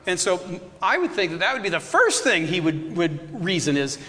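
A man answering questions in a discussion, acting out voices in lively, laughing bursts. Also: sits high, moderate pace, in a large hall. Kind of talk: animated Q&A discussion.

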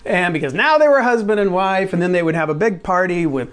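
High-voiced man explaining church teaching. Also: lively intonation, fast talker. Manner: rambling, self-correcting, chuckles. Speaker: church teacher answering questions. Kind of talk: casual explanatory chat.

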